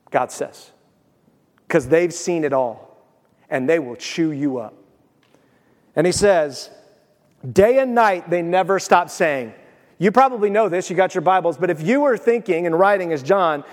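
A high-voiced male pastor preaches a sermon with excitable animation, his volume swinging suddenly up and down. The church sanctuary gives the recording a long hall reverb.

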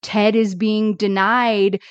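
A woman's voice: medium pitch, slow pace, clean tone, no echo, highs cut off. A woman co-hosting a podcast, chatting casually about old sitcom episodes and acting out characters' lines when she quotes them. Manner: animated, acts out characters' lines when quoting. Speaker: podcast co-host. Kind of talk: casual chat recapping TV episodes.

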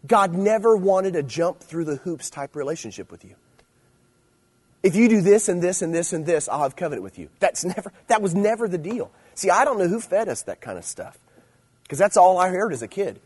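A middle-aged man preaching to teenagers, swinging between loud emphasis and quiet asides. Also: high-pitched, expressive, brisk, husky. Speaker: youth speaker. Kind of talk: sermon.

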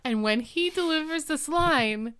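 A woman's voice: high-pitched, animated, measured pace, a bit bright, dry recording, clean studio sound. A woman co-hosting a podcast, casually recapping a TV episode with amused little asides. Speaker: podcast co-host.

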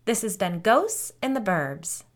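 A woman narrating a scripted horror story in a measured, suspenseful way. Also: mid-range voice, very animated.

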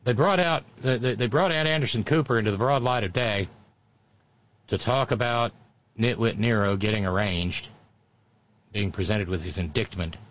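A man's voice: lowish voice, normal speed, a bit bright. Scornful male political commentator, lo-fi. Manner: sarcastic, scornful, name-calling.

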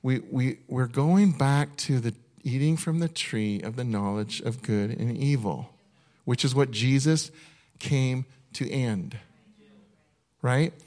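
A man's voice: mid-range voice, dark tone. Earnest male pastor preaching conversationally. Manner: earnest and conversational, with repeated restarts; slows down to read a list one item at a time. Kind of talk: sermon.

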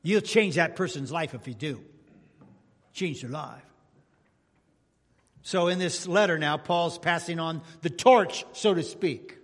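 High-voiced man preaching a folksy sermon. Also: takes it slowly, pauses often. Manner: folksy storytelling, rising to loud exclamations. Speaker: pastor. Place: church sanctuary. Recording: long hall reverb in church.

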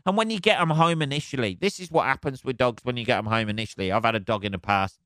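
A man's voice: medium pitch, fast talker, no room sound, studio quality. A man hosting a podcast, ranting comically on his own, swearing constantly and laughing often. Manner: sweary, animated, laughs a lot. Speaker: podcast host. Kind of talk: solo comedic rant.

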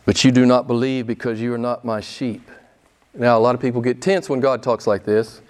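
Here a man preaches as pastor, pressing his points with rhetorical questions and shifting from booming to hushed. He speaks at a medium pitch and a little fast.

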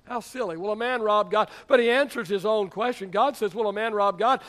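A man's voice: high voice, fairly quick, fairly bright tone. A middle-aged man preaching a sermon as pastor, emphatic, with rhetorical questions and playful asides.

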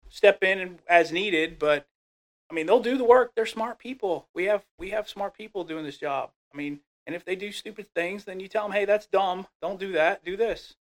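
This guest on leadership, a middle-aged man with a high voice and moderate pace, tells stories in a casual conversation. He's an animated storyteller who performs the voices of the people he quotes.

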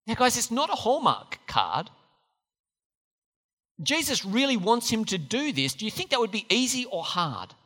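A bright-voiced preacher delivers a sermon with animated rises and falls in pitch. The speaker keeps turning to the listeners with emphatic questions. The voice rings out with a long reverb, as in a large hall. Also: normal speed.

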